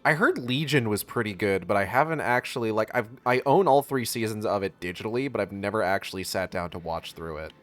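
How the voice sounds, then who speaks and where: A man's voice: on the low side, expressive, a little fast, hardly any pauses, a bit bright, faint music behind. A man giving casual, rambling, profane commentary while playing a video game, talking to himself as he goes. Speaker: gaming streamer. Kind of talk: casual let's-play commentary.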